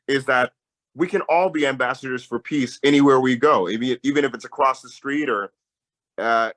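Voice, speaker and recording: A young man, a peace campaigner, telling a story in a lively conversational way. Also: mid-range voice, low-quality recording. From Tacoma, Washington. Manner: animated storyteller, voice jumps up when excited.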